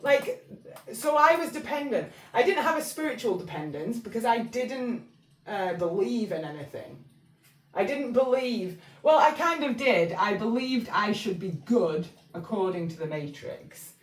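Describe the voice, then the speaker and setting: A woman's voice: on the high side, big pitch swings, measured pace, recorded from a distance. Rambling Englishwoman in an echoey room. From England. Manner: rambling, chatty, many fillers and restarts. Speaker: channel host. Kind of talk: casual spiritual talk. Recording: echoey room, voice somewhat off-mic.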